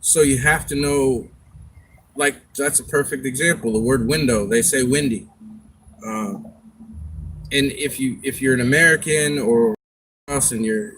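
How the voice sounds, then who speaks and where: A man hosts a casual livestream, rambling from one story to the next and acting out little quoted asides. His voice sits at an ordinary middle pitch. Steady background noise and passing vehicles run under the talk. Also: rough recording. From Scotland. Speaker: livestream host. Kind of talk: casual chat.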